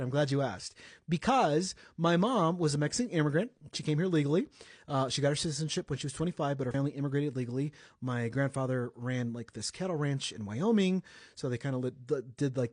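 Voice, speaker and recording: A man's voice: medium pitch, a little mellow, dry recording, clean studio sound. A young man from the United States hosting a casual celebrity news podcast, chatty and joking, correcting himself as he goes. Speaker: podcast host.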